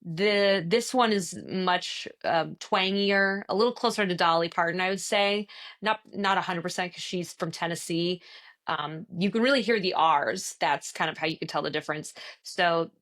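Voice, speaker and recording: A woman's voice: fairly low pitch, normal speed, fairly bright tone. A woman from the Midwest, chatting as an interview guest, laughing often and acting out quotes. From American Midwest. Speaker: stage actor, interview guest. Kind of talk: casual interview chat.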